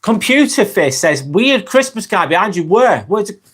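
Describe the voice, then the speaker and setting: A man's voice: sits high, sing-song, moderate pace, fairly bright tone, slightly rough. A man from England with a Lancashire accent, hosting a casual live stream and answering viewer comments, chuckling often and calling people mate. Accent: Lancashire, North West England.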